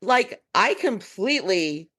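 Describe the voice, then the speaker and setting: A woman's voice: mid-range voice, sing-song, takes it slowly, a bit bright, husky. A woman hosting a podcast, chatting casually about a novel with lots of fillers and asides. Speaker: podcast host. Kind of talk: casual book-club chat.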